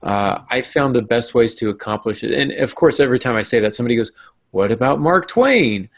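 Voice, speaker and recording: A man with a gravelly, creaky voice hosts a writing podcast in a casual, thinking-aloud way. He hesitates often, restarts his sentences and pokes fun at himself. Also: mid-range voice, fairly even intonation, quick pace. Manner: hesitant, many ums and restarts, self-deprecating. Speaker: podcast host. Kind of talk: casual discussion.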